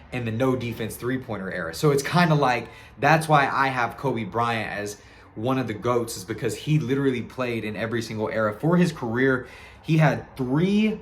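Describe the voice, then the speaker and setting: A young man talking casually to camera in an earnest, rambling way, correcting himself as he goes. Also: medium pitch. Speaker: sports video creator. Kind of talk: casual tribute monologue to camera.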